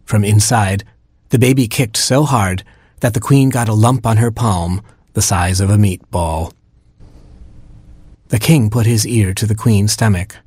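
Husky man reading a storybook. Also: lowish voice, measured pace, long pauses, no room sound. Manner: wry, deadpan storytelling. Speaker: narrator.

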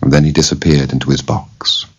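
Deep-voiced man narrating a storybook. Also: fairly quick, breathy edge. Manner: expressive, varied storyteller's delivery. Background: soft instrumental music.

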